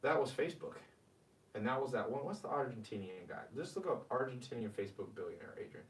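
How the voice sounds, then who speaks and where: A man hosts a live-streamed money advice talk, speaking energetically and reading viewer comments aloud. His medium-pitched voice is expressive and fast. The mic sounds distant in an echoey room.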